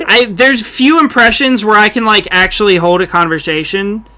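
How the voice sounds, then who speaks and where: A young man hosts a casual podcast chat, loose and joking, and keeps slipping into celebrity impressions. His voice sits high, pushed and bright, at a normal speed.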